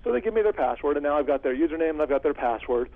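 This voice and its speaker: A man working as a security consultant, telling stories in an interview in an animated way and acting out phone calls. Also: on the high side, very fast. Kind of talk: storytelling interview answer. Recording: phone-like lo-fi audio.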